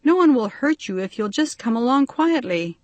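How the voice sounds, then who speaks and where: A woman's voice: fairly high pitch, sing-song, moderate pace, no room sound, pitched above the performer's own voice. A woman reading an audiobook story, voicing a small, harried male bee man who talks politely but grows impatient. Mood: pleading. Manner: pleading, then stern and impatient.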